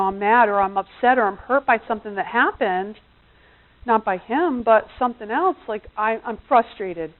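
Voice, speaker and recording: Chatty woman presenter on a tinny line. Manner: chatty, acts out quotes with big high bursts. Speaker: seminar presenter. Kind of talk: live seminar talk. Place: seminar room. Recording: tinny phone-like sound.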